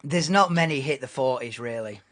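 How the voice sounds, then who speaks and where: A man's voice: medium pitch, lively intonation, fairly quick, a bit bright. A man hosting a live race watchalong stream, chatting casually and laid-back over the broadcast.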